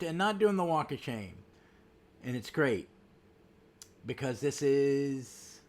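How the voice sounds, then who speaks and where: A man hosting a casual comic book podcast, chatty, with frequent ums and restarts. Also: medium pitch. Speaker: podcast host.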